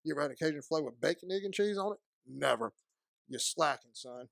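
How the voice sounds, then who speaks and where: A man's voice: fairly high pitch, lively intonation, fast, vocal fry, a bit bright, dry recording, studio quality. A man, a guest in a casual interview, telling stories while eating. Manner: chatty storyteller, talks while eating.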